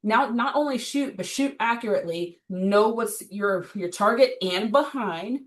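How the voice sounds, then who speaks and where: A woman's voice: medium pitch, unhurried, recorded from a distance. A woman personal trainer talking bluntly and with energy in a casual interview chat. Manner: blunt, energetic, laughs often.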